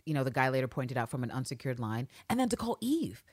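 A woman co-hosting a casual podcast chat, animated and swearing freely as she acts out scenes. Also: a bass voice, quick pace, no room sound, studio quality. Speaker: podcast co-host.

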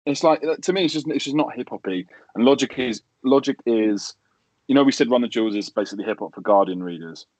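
A man co-hosting a podcast, chatting in a sweary, animated way and laughing as he talks. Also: medium pitch, fast, no echo, low-quality recording. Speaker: podcast co-host. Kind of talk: casual chat.

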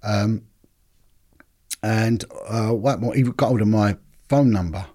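A man's voice: fairly low pitch, slow pace. A man, a former detective telling stories casually on a podcast and acting out what others said. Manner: animated, repeats words, acts out quotes.

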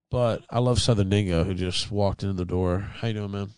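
A man's voice: on the low side, brisk, clean tone, dry recording. Young guy host ranting, swears a lot, dry close sound. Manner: profane, petty, animated storytelling. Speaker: podcast host. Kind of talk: casual chat.

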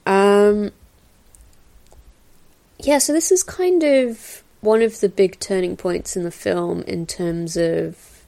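A woman talks through a film in a loose, unhurried commentary. Her voice has a gravelly, fry-touched edge, and she drifts between thoughts with fillers and small laughs. Her pitch sits in an ordinary middle range. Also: dark tone. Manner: chatty and meandering, with frequent fillers and laughs. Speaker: podcast host doing a film commentary. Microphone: new podcast mic.

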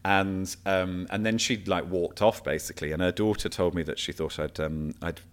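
A man, a comedian, chatting casually and telling animated anecdotes with frequent fillers and restarts. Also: deep voice, moderate pace. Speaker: comedian guest. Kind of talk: casual chat, storytelling.

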